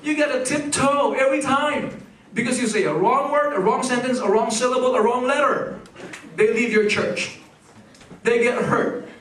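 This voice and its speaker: A middle-aged man preaching a sermon as pastor, animated and leading the congregation in call-and-response. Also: very high voice, moderate pace, echoey room, recorded from a distance, slight background noise, low-quality recording. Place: church sanctuary.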